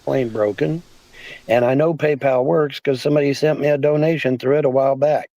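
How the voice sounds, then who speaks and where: A man's voice: mid-range voice, fairly even intonation, a little fast, warm tone, no echo. A man streaming casually, rambling and repeating himself with many fillers, his voice worn down by the cold. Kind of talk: casual livestream talk.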